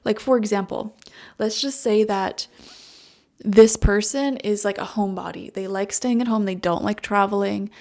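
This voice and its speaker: A woman's voice: mid-range voice, steady tone, moderate pace, darkish tone. A young woman giving a casual tarot reading, chatty and full of fillers as she talks to viewers. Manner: chatty, full of "like" and "you know". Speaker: tarot reader.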